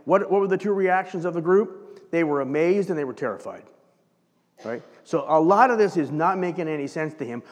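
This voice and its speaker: A male pastor delivers a sermon in an easy, conversational way, often tossing "right?" to the room. His voice sits a little high for a man. The sound carries a long reverb from a church sanctuary. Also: lively intonation, brisk.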